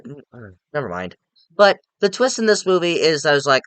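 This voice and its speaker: A young man giving a casual spoken film review, blunt and profane, with many fillers and animated rants. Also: medium pitch, a little fast, clear, resonant tone, dry recording. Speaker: movie reviewer.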